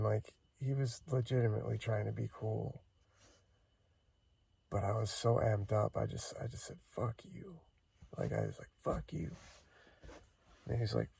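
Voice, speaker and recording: A man with a deep, gravelly voice talks things through in a casual vlog from inside his van. His tone is husky and mellow, and he rambles and hesitates, circling back with regret over what happened. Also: no room sound. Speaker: van-dwelling vlogger. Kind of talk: casual spoken recollection.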